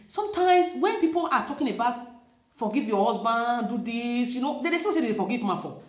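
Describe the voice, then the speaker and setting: A woman's voice: a little high, animated, fairly quick. Emphatic Nigerian woman vlogging in a roomy space. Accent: Nigerian Pidgin-inflected English. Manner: emphatic, preachy, repeats herself. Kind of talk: casual commentary to camera. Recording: roomy, dull lo-fi sound.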